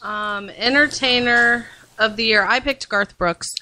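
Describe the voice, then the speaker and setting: A woman's voice: a little high, measured pace, bright, forceful tone, rough recording. A woman co-hosting a casual radio chat, laid-back and teasing. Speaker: radio co-host.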